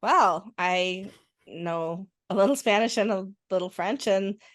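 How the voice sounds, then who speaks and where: A woman hosting a podcast, encouraging her guest and quick to laugh. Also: mid-range voice, a bit bright, dry recording, studio quality. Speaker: podcast host. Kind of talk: casual interview chat.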